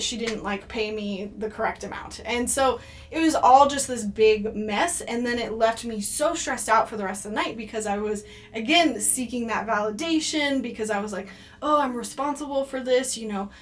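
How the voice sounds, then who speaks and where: A woman's voice: fairly high pitch, moderate pace. A young woman giving casual advice to camera as a psychic reader, chatty and full of ums and likes.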